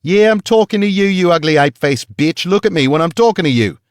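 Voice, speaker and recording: A man reading an audiobook and voicing a huge, vicious male guard with an Australian accent who shouts and sneers. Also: high voice, animated, takes it slowly, no room sound, studio quality, voice pushed up. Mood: bellowing, contemptuous.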